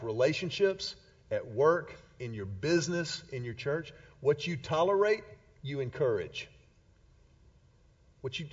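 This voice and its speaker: Guy preaching, slightly high voice, bouncy lively pitch, punchy repeats, dull lo-fi audio. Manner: emphatic, punchy repetitions. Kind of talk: sermon.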